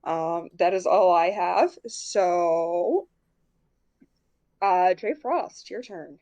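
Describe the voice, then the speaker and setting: A woman's voice: fairly low pitch, expressive, extremely slow, dark tone, muffled recording. A woman streamer talking casually, a little tired and hesitant, with many ums. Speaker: streamer guest.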